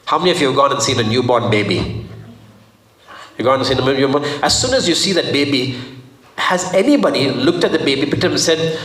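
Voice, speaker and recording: Animated man preaching. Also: a little fast. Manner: animated, playful, acts out voices with sudden high and low swings. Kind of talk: sermon. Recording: echoey hall.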